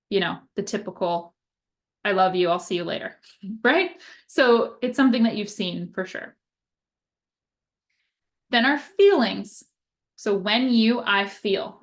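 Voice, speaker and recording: Chatty woman teaching communication skills. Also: mid-range voice. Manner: conversational, often tags "right?", acts out example phrases. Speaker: occupational therapist. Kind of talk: casual explanatory talk.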